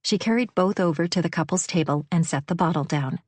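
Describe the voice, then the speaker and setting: A woman reads a romantic novel aloud in a measured storytelling voice. Her pitch sits on the low side for a woman. The recording is dry and close, with no room sound at all. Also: a little mellow, slightly rough, no room sound. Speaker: audiobook narrator. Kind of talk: scripted narration.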